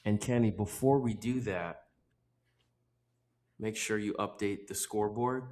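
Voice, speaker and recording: A man hosting a football podcast, talking in animated, slangy casual banter. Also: lowish voice, measured pace, echoey room, slight background noise. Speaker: podcast host. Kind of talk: casual sports chat.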